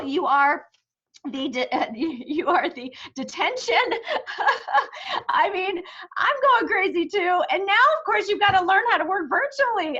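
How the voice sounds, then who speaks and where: A woman speaking warmly and emotionally to her team, gushing with encouragement. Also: very high-pitched, very animated, a little slow, highs cut off. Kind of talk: motivational team call.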